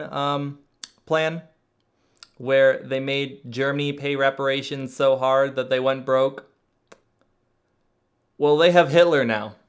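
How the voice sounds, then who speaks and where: Slow-talking man with sarcastic humor. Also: mid-range voice, a bit bright, clear, resonant tone. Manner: joking, sarcastic asides. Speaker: history explainer host. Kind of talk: casual history explainer.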